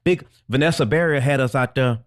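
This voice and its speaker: A man co-hosting a podcast, telling stories casually, animated and swearing freely. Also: mid-range voice, a little fast. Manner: animated, swearing, impersonates others. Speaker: podcast co-host. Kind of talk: casual chat, reminiscing.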